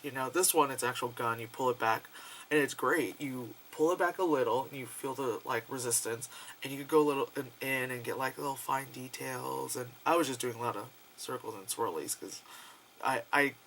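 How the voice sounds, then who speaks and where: A man chatting casually in a vlog, rambling and excitable, full of fillers and swearing. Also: mid-range voice, brisk, a little hiss or hum, rough recording. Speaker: vlogger.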